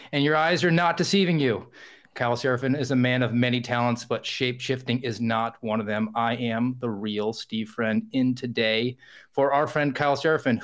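A man filling in as podcast host, talking in a chatty, self-deprecating way with frequent fillers. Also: mid-range voice. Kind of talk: casual podcast monologue.

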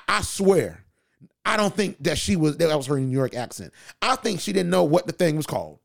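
A man hosting a podcast, giving an animated casual recap of a TV show, often restarting his sentences. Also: a little high, vocal fry. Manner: animated, frequent restarts and "you know what I'm saying". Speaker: podcast host reviewing a TV show. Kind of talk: casual solo commentary.

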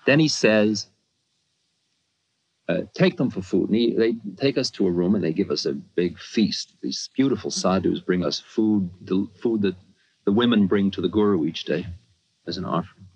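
Mann mit heiserer, tiefer Stimme, erzählt locker, dumpfe alte Aufnahme. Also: male voice, deep voice, normal speed, darkish tone, breathy edge. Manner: conversational, frequent asides and self-mocking laughs. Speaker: spiritual teacher. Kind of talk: storytelling talk. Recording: dull lo-fi archive recording.

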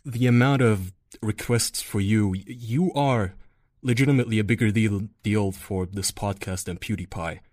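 A man's voice: normal speed, hardly any pauses, no room sound. Podcast host guy, fired up and cursing, dry close sound. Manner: excitable, swears a lot, swings from loud to low. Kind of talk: casual chat.

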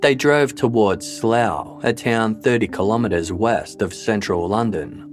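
A man narrating a true-crime story in a measured, scripted way. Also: fairly low pitch. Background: faint background music.

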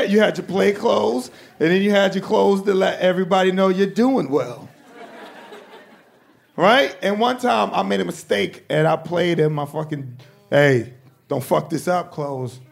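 A young adult man doing stand-up comedy, telling animated, profane stories. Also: high-pitched, creaky.

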